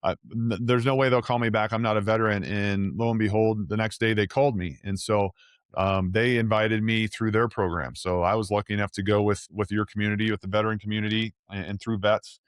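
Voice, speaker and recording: A man's voice: on the low side, brisk, clear, resonant tone, dry recording, clean studio sound. A man in his forties, a guest, telling his story in a casual interview and acting out the voices he quotes. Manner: animated storyteller who acts out quoted voices. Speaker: guest, former NFL offensive lineman.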